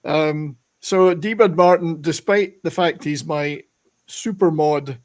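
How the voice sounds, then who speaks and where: A man's voice: fairly high pitch, slow pace. A Scottish man hosting a casual online chat show, chatty and jokey, laughing often between remarks. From Scotland. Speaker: host. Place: home in Alberta, Canada.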